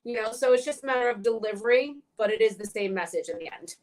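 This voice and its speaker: A middle-aged woman speaking as an interview guest, direct and frank, swearing and getting animated when she tells stories. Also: a little high, fast talker. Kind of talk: casual interview chat.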